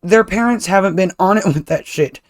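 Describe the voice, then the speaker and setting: A man's voice: high-pitched, a little fast. A man co-hosting a podcast, chatting casually and rambling with restarts and casual swearing, talking as a parent. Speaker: podcast co-host. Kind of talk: casual chat.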